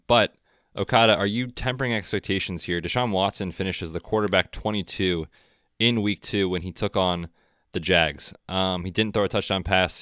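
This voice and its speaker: A man co-hosting a podcast, chatting casually about football with a relaxed, chatty manner. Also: sits low, smooth, dry recording, clean studio sound. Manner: relaxed, chatty, frequent fillers. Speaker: podcast co-host. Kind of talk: casual sports chat.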